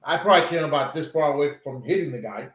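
A quick-paced man with a voice on the high side co-hosts a casual podcast. He spins an animated story, swearing freely throughout, in an echoey room.

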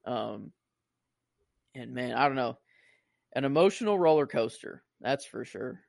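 A man's voice: medium pitch, lively intonation, measured pace, gravelly, a little mellow, no echo, clean studio sound. A young man chatting casually about a film, rambling and full of fillers.

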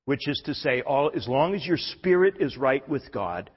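A man preaching a sermon with emphatic force, often backing up and restarting his sentences. His voice is husky and slightly breathy. The recording is dull and carries a long hall reverb. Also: medium pitch, big pitch swings, normal speed. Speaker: pastor. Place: church hall.

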